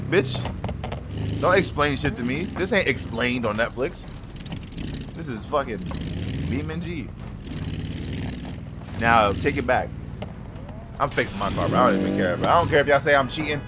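A young man streaming a driving game, talking casually and cursing excitedly at other players. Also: medium pitch, moderate pace, long pauses. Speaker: gaming streamer. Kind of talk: casual gameplay commentary. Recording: loud game engine noise behind. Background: car engine and game sounds.

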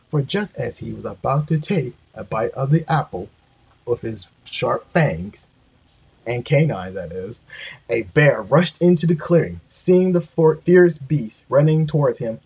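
A man's voice: mid-range voice, creaky, darkish tone, breathy edge, dull audio. A man reading a children's story aloud casually, often stumbling and correcting himself. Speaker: amateur reader.

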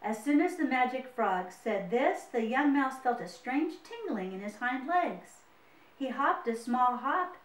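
A woman reads a children's picture book aloud in a rather high voice, stopping for friendly asides to her listeners. She sits some way from the mic in a roomy, echoing space. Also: recorded from a distance. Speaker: storyteller. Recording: roomy, mic set away.

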